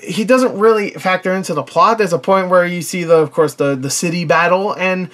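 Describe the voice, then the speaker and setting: A man's voice: high-pitched, fairly quick, fairly bright tone. A man giving a casual, rambling movie review, with lots of fillers and self-corrections and frequent chuckles.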